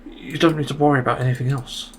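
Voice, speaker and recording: A man's voice: mid-range voice, fairly even intonation, quick pace, slight background noise. A man hosting a solo podcast, ranting in exasperation and swearing often. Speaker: podcast host.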